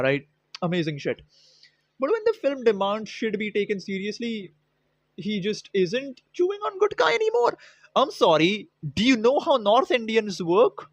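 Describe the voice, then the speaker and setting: A man's voice: high-pitched, very animated, normal speed, dry recording. Sarcastic, profane man ranting. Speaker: film critic. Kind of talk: ranting film review vlog.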